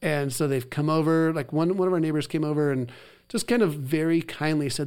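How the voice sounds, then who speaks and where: A man co-hosting a faith podcast, casually retelling a story and acting out the quoted lines with lively emphasis. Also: a little high, fairly quick, smooth. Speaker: podcast co-host. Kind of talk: casual chat.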